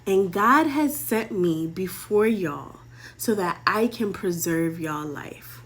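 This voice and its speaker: A man's voice: high voice, expressive, slow, a bit bright, heavily acted. A woman voicing a tender, tearful ruler who reassures his brothers, in a casual storytelling retelling. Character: emotional ruler revealing himself to his brothers.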